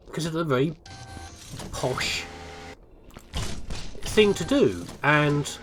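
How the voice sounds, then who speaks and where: Older English man, lively pitch, rambling game commentary, faint background noise. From England. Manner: chatty, self-deprecating, stops and restarts often. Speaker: gaming video host. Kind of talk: rambling casual commentary over gameplay.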